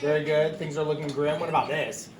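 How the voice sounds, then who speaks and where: A man's voice: a little high, steady tone, brisk, music in the background. A man teaching a phonics lesson, patiently drilling words and praising the class, with frequent ums. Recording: echoey room with loud background hiss.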